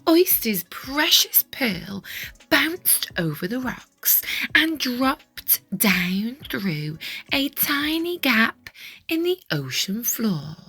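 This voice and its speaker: Slow, breathy woman reading a picture book aloud. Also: fairly high pitch. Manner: expressive, sing-song storytelling with whispered asides. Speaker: children's story reader.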